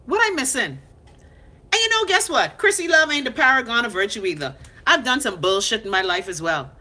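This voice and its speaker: A Bahamian woman in her thirties with a brisk, rather high voice hosts a live stream, reading comments aloud. She rants bluntly and profanely in an unfiltered, casual way, animatedly talking back to viewers.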